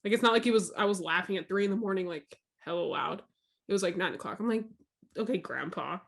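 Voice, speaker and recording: Chatty young woman with a loud laugh. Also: medium pitch, fast talker. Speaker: podcast co-host. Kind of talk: casual chat.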